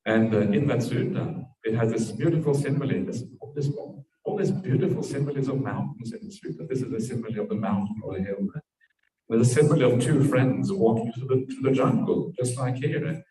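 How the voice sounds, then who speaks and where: A man's voice: mid-range voice, a little fast, crowd noise. A man, a Buddhist monk, gives a dharma talk at a meditation retreat, telling a parable and tagging sentences with "yeah". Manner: storytelling with frequent tag "yeah"s. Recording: distant mic in an echoey room.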